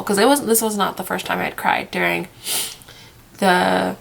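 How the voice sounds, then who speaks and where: Young woman, tearful and tired, rambling, dropping to whispers, gravelly vocal fry. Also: fairly low pitch, steady tone, measured pace. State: worn out from crying, sleep-deprived. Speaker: vlogger. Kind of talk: casual emotional vlog.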